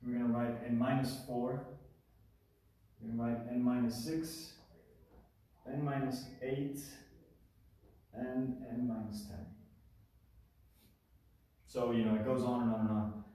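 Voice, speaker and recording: A man's voice: medium pitch, fairly even intonation, unhurried, long pauses, mellow. A man explaining geometry to viewers in a casual, thinking-aloud way, often correcting himself as he goes. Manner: thinking aloud, self-correcting, informal asides. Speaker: math video teacher. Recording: echoey room, mic far off.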